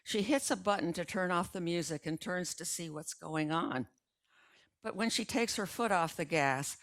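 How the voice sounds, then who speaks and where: Lady reading a story out loud, slow, lowish voice, does little voices for people. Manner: unhurried storytelling with small acted voices. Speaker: resident reader. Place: retirement community.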